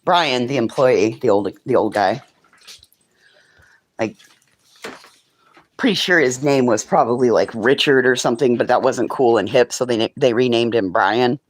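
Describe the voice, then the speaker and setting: Woman, very low voice, livestream host, casual chat, storytelling, frequent swearing. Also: normal speed, long pauses. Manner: chatty storytelling, swears freely; coos softly over a child's craft.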